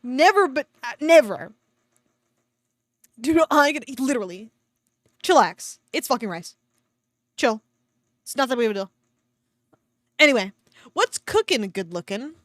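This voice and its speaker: A woman streamer reads a fan story aloud and mocks it with sarcastic asides, swearing freely and laughing often. Her voice sits fairly high and leaps around a lot. The sound is dry and close on a desk mic. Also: expressive, a little slow, long pauses, fairly bright tone, no room sound. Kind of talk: reading a fan story aloud with mocking commentary.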